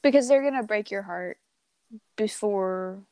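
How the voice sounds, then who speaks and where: A woman's voice: medium pitch, a little slow, dark tone, no room sound. A young woman in her teens telling a story in casual chat, rambling with lots of fillers and laughs. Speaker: podcast co-host.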